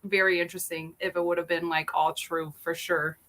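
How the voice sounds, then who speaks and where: A woman's voice: lowish voice, little pitch movement, a little fast, a bit bright, a little hiss or hum. A young woman guesting on a casual live book chat over a video call, eager and rambling as she tells stories. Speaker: guest co-host.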